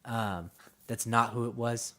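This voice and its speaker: A man's voice: mid-range voice, fairly even intonation, measured pace, a bit bright. A young man in his twenties from Northern California, a podcast host rambling through childhood stories with lots of fillers, laughter and swearing. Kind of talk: casual storytelling chat.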